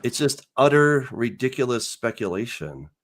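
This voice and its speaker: A man's voice: medium pitch, big pitch swings, moderate pace. A man co-hosting a casual discussion, incredulous and challenging, often interrupting. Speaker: skeptical co-host. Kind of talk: casual debate chat.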